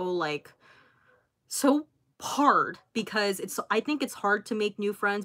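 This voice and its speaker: A woman in her twenties chatting casually on a livestream, reading viewer comments aloud in a lively, expressive way with lots of fillers. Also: medium pitch. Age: 20s. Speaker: YouTuber hosting a livestream.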